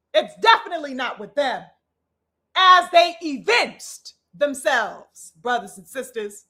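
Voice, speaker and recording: A boxing commentator, a woman, launches into a preachy, profane rant packed with rhetorical questions and elaborate vocabulary. Her voice is high, pushed and bright.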